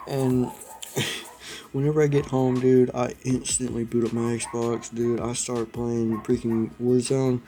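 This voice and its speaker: A man's voice: mid-range voice, level tone, slow pace, mellow, faint music behind. A young man telling a rambling story in a casual vlog, laughing often and saying "dude" a lot. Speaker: vlogger.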